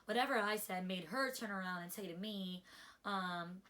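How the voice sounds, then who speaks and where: A woman's voice: mid-range voice, steady tone, moderate pace, a bit bright. A young woman vlogging casually to camera, swearing freely and filling her talk with "um" and "like" as she retells arguments. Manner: candid, swears freely, frequent fillers like "um" and "like"; acts out quoted dialogue while retelling. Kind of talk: casual storytelling vlog.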